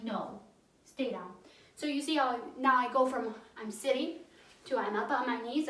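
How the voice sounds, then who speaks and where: A woman dog trainer with a fairly high voice walks through a puppy lesson, explaining each step and then giving low, firm commands. She is recorded from some way off the mic. The room around her sounds echoey. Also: a bit bright, distant mic. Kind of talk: instructional demonstration. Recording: roomy sound from away from the mic.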